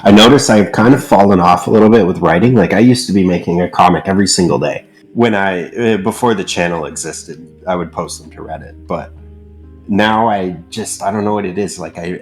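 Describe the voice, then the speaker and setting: A very deep-voiced man chats casually as a podcast co-host, hesitating and circling back with "like" as he goes. Faint music sits behind him in the studio. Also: poor audio. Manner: hesitant, restarts with "like". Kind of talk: casual chat.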